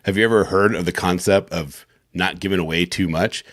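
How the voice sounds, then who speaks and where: Male podcast co-host, very low register, animated delivery, casual swearing, dry close mic. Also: fairly quick, no room sound. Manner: animated, laughs often, swears freely. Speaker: voiceover reader and podcast co-host. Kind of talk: casual chat and recording session.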